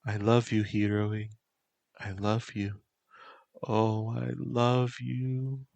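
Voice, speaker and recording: A man voicing a clingy, self-loathing young woman who speaks in a breathy, pleading whisper. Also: fairly low pitch, little pitch movement, very slow, darkish tone, no echo, voice pushed up, full character voice. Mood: tender.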